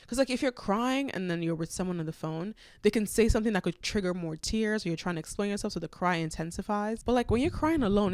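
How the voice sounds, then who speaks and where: A woman hosting a solo podcast, telling personal stories candidly and expressively, jumping from loud bursts to hushed asides. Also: lowish voice, no room sound, studio quality. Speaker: podcast host.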